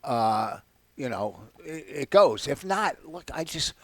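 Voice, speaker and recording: A man's voice: mid-range voice, sing-song, slow, dry recording. Laughing man telling stories, dry sound. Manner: storytelling, laughing often. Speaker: guest comedian. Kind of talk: casual radio talk.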